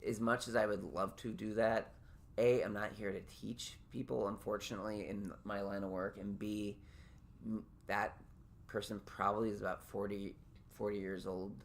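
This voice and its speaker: A man's voice: on the low side, level tone, moderate pace, creaky, slight background noise. A man hosting a podcast, talking casually in a rambling, candid way. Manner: rambling, self-interrupting, candid. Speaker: podcast host. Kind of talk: casual chat.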